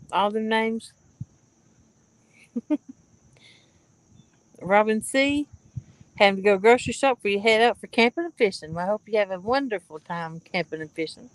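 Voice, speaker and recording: A woman's voice: medium pitch, normal speed, long pauses, no echo, low-quality recording. A woman streaming live from a pontoon boat outdoors, chatting casually with viewers in a laid-back way and greeting them by name.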